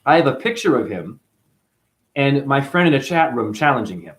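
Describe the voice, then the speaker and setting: A man's voice: medium pitch, big pitch swings, normal speed. A man hosting his own channel, delivering a combative, mocking, profane rant to camera. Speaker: channel host. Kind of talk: profane ranting monologue to camera.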